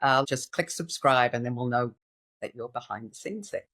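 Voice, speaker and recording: A woman hosts a podcast interview with lively enthusiasm. Her voice sits close and dry, with almost no room sound around it. She keeps the tone conversational and upbeat. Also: rumbling low, moderate pace, no echo. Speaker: podcast host.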